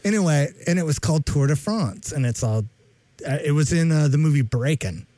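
A man co-hosting a casual chat show, slightly high in pitch with a mellow, dark tone. He jokes and rambles, sometimes breaking into silly humming. The sound is dry and close. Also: animated, a little fast, no echo. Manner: jokey, rambling, breaks into humming and mock-singing. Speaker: podcast co-host.

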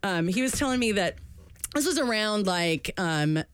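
A woman's voice: medium pitch, lively intonation, moderate pace, smooth, dry recording. A woman co-hosting a podcast, telling a story in casual chat, swearing freely and acting out the people in it. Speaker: podcast co-host.

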